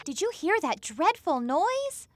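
A woman voicing a curious, excitable young female animal in a dubbed cartoon, full of questions. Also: very high voice, measured pace, no room sound, heavily acted. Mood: inquisitive. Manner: inquisitive, excitable, asks many questions. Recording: children's music under the voice. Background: children's music.

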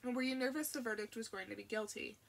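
A woman's voice: on the high side, fast, vocal fry. A woman reading an audiobook, voicing a polite male TV interviewer who keeps his tone light and breezy. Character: smooth persistent male TV interviewer.

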